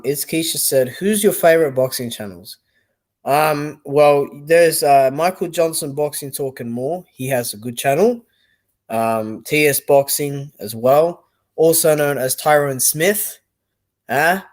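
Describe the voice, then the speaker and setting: Slow-talking, blunt male streamer. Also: a little high. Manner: blunt, rambling, swears freely. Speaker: boxing streamer. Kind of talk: casual live-stream commentary.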